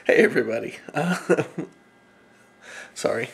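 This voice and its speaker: Tired, gravelly-voiced man vlogging. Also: medium pitch, lively intonation, moderate pace, a little hiss or hum. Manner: tired, rambling, chuckling often. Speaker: family vlogger. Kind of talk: casual vlog talk.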